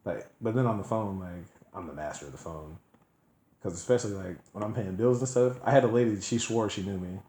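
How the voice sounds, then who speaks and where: A man's voice: fairly low pitch, fairly quick, dark tone, roomy sound. A man co-hosting a podcast, telling stories in casual chat, acting out quoted people in voices and laughing often. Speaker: podcast co-host.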